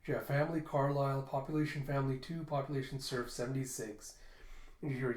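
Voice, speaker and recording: A man casually narrates a comic book, describing panel after panel and dropping fillers as he goes. His pitch sits at a middling level. The recording has a roomy echo. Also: little pitch movement, fast talker, a little mellow. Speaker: comic readthrough host.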